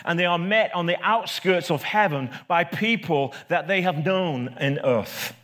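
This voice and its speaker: A man's voice: high-pitched, measured pace, fairly bright tone. Man preaching a conversational sermon. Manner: conversational preaching with rising emphasis. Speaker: pastor.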